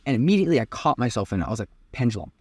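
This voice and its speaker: Fast-talking hyped young man. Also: medium pitch, big pitch swings, darkish tone. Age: young adult. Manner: fast, hyped, swearing, rambling motivational talk. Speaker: host. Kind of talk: casual podcast chat.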